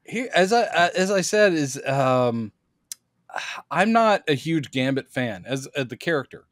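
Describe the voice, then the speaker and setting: A man co-hosting a podcast in casual chat, animated and quick to act out quotes in put-on voices. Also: a little high, no room sound, studio quality. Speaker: podcast co-host.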